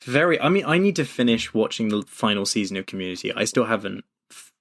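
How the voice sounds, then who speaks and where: A man's voice: on the low side, sing-song, fast talker, fairly bright tone. A young man co-hosting a podcast in casual chat, easygoing, often reading things aloud. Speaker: podcast co-host.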